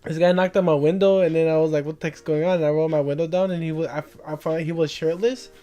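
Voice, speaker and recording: A man's voice: a little high, steady tone, fast, mellow. A young man casually telling a long, rambling story to friends, laughing as he goes.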